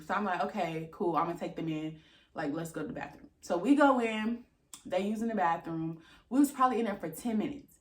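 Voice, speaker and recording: A young woman tells a storytime vlog in a casual, animated way and acts out the dialogue with exasperation. Her pitch sits in a middle range, and her voice echoes noticeably around the room. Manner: animated, exasperated retelling with lots of quoted dialogue and cursing. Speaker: vlogger.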